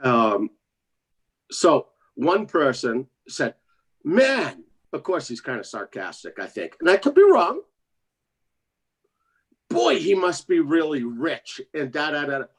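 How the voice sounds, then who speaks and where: Animated, laughing man in a casual chat. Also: takes it slowly, long pauses, husky. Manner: laughs often, jumps high into quoted voices.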